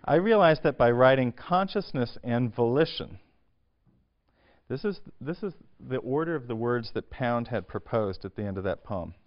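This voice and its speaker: A male lecturer speaking to a class in a hall, halting and full of filler sounds as he works through his points. His voice sits at a middling pitch. The recording is dull and lo-fi, as if taped from a lecture hall. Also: lively intonation. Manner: hesitant, many filler sounds and restarts; clears throat often. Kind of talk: university lecture on poetry.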